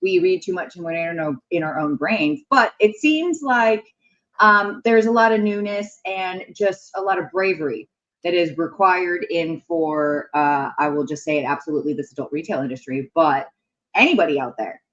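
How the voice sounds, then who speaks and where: A woman's voice: on the low side, normal speed, a bit bright, highs cut off. A woman hosting a casual livestream talk show, rambling and chatty with lots of fillers.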